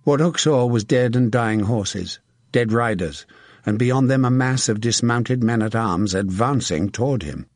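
An audiobook narrator reads a historical novel aloud in steady, measured scripted narration. His voice is medium in pitch, and the studio recording is clean with no room sound.

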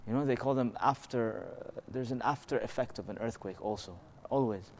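A man's voice: medium pitch, moderate pace, a little mellow, slight background noise. A man giving a conversational religious lesson. He explains patiently, asks rhetorical questions and keeps checking in with his listeners. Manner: slips into melodic Arabic recitation of verses. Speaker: religious teacher.

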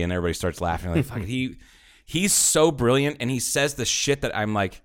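A lower-pitched man swears his way through a loose, rambling story. He keeps acting out the quotes as he co-hosts a casual podcast chat. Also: quick pace, clean tone. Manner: profane, rambling storyteller who acts out quotes. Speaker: podcast co-host.

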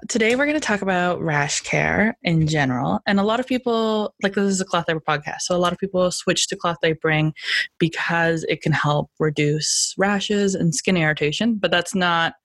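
A young woman from Canada hosts a podcast in a casual, bubbly way. She talks fast and eagerly, with a slightly low voice. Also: a bit bright, poor audio. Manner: bubbly, fast-talking, chatty. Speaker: podcast host. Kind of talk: casual podcast intro and interview.

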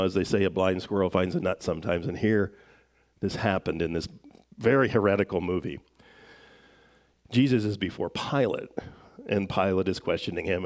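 A middle-aged man preaching a sermon in a relaxed, conversational way, with self-deprecating jokes and frequent fillers. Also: sits low. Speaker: pastor.

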